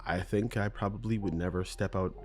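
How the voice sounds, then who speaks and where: A man's voice: on the low side, steady tone, brisk, darkish tone, soft background music. A middle-aged Canadian man hosting a solo podcast, telling personal stories in a rambling, self-correcting way with ums and laughs. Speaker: podcast host. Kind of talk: unscripted solo podcast monologue.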